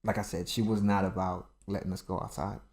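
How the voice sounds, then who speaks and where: A man's voice: sits low, brisk. A man in his thirties telling a childhood story on a casual podcast, acting out everyone's lines. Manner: animated storyteller who acts out everyone's lines. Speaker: podcast co-host. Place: home room. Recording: roomy home recording.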